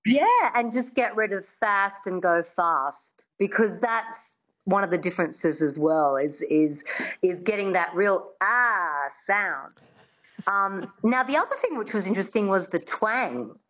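A woman working as a dialect coach, teaching an accent on the radio and slowly drilling words for the listener to repeat. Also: medium pitch, lively intonation, fairly bright tone, low-quality recording. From Australia.

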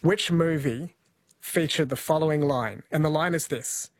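A man's voice: fairly high pitch, dry recording. A man hosting a late-night radio quiz, chatting with callers. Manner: chatty, friendly, spells words out slowly. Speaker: radio host. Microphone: studio mic.

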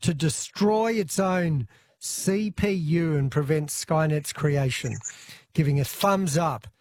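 A man hosting a call-in radio show, relaxed and chuckling as he reads listener messages. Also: fairly high pitch, slow pace. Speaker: radio host.

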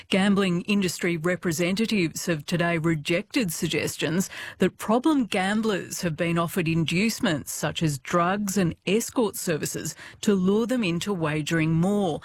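A woman presenting the evening news in a measured, formal read. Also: on the low side. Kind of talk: scripted news reading.

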